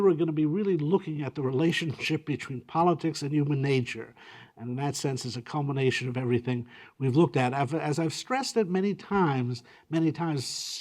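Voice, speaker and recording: Man lecturing with many halting fillers. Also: fairly high pitch, darkish tone. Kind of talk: university lecture.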